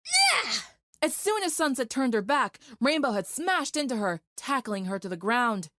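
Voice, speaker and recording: A woman narrating a dramatic fan fiction story in a steady, vivid storytelling voice. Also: a little high, moderate pace, no room sound, studio quality.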